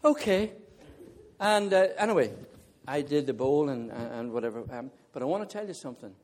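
Male preacher, slightly high-pitched, animated storyteller who laughs and chats with the congregation. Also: brisk. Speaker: visiting preacher. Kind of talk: sermon with humorous personal story.

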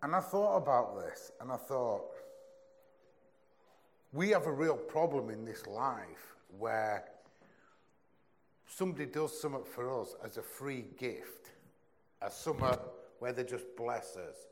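A young man preaching a sermon in a conversational, earnest way, often dropping into a low, soft voice. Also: lively intonation, unhurried, long pauses.

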